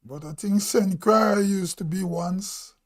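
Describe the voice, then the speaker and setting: A man from Grenada with a Grenadian accent, talking casually on a live stream and musing aloud as he goes. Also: high voice. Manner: slow, musing, thinking aloud. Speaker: vlog host.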